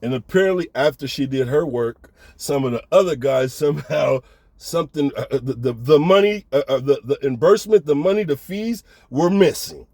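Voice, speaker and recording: A man's voice: on the high side, lively intonation, normal speed, darkish tone, dry recording. A man telling a story in a laid-back, slangy way, often checking in with the listener. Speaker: storyteller host. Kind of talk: casual storytelling.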